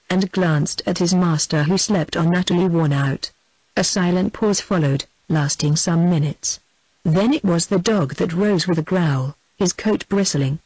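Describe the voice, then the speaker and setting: A man narrating a historical novel aloud, in a steady, measured reading voice. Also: high-pitched, no room sound, poor audio. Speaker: audiobook narrator. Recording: dry close studio sound.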